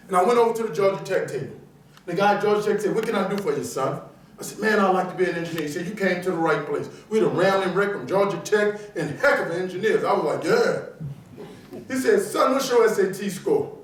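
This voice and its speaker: A man's voice: high-pitched, quick pace, a little hiss or hum. A man from New Orleans with a New Orleans accent, giving a motivational keynote speech and acting out the people in his stories. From New Orleans, USA. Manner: animated storyteller acting out characters. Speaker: motivational speaker. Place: large auditorium. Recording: echoey auditorium from far off.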